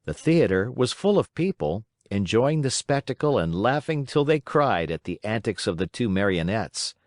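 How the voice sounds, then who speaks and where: A man reading a classic children's storybook aloud in an expressive, dramatic way. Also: on the low side, normal speed, no echo, studio quality. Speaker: audiobook narrator. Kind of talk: scripted storybook narration.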